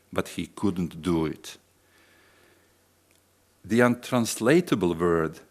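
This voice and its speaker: A man with a Bosnian accent, a philosophy lecturer reading a prepared academic talk in a measured, deliberate way with pauses and occasional self-corrections. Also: low-pitched. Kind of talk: academic lecture read from a text.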